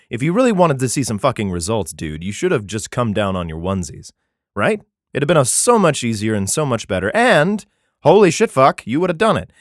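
A man's voice: mid-range voice, no echo, studio quality. A man reading scripture aloud and mocking it between passages, profane and sarcastic, often chuckling. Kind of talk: irreverent commentary on a scripture reading.

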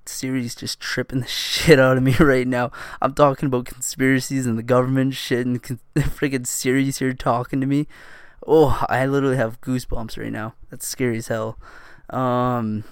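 A man's voice: medium pitch, no room sound, studio quality. A man hosting a solo podcast in loose casual chat, swearing and laughing often as he drifts from thought to thought. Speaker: podcast host.

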